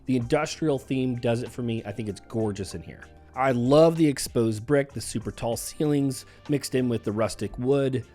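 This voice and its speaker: A man talks viewers through homes for sale in a casual, upbeat voice-over, his throat a little hoarse after being sick. His pitch sits in an ordinary middle range. Faint music plays quietly underneath. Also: normal speed. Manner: upbeat, chatty and conversational. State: hoarse from recent illness. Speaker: real estate agent. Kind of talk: casual real estate video walkthrough.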